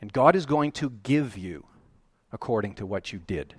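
A man preaching a sermon, animated and emphatic, often rising to loud, excited peaks. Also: lowish voice, moderate pace, husky, dry recording, studio quality. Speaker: pastor.

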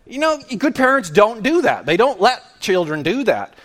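A man preaching a sermon in an animated, playful way, acting out little scenes and quotes. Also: high voice, moderate pace.

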